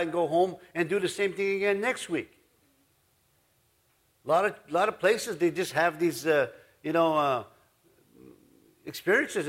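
A man's voice: high voice, a bit bright, husky. A man pastor giving a folksy, rambling sermon in his church, full of asides. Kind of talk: conversational sermon.

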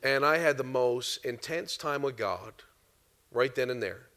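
A middle-aged man from Canada preaching a sermon, telling a personal testimony in an animated way and laughing often. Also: medium pitch, measured pace.

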